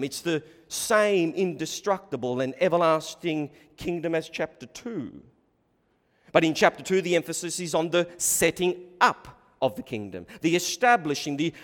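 Earnest preacher in a reverberant hall. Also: male voice, fairly high pitch. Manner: earnest, emphatic, repeats key points. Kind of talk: sermon.

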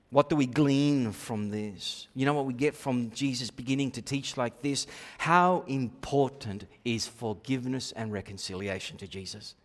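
A male pastor delivers an animated sermon, his voice rising to emphatic bursts and dropping to quiet asides. He sounds like he is in a church, with a long reverb trailing each phrase. His pitch sits in an ordinary middle range for a man. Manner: animated preaching with sudden loud and quiet swings.

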